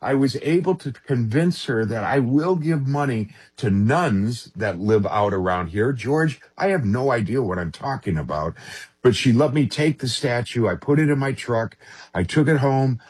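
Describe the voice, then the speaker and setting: A man, an interview guest, telling a personal story in an earnest, halting way with frequent restarts. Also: mid-range voice, expressive, a little mellow, breathy edge.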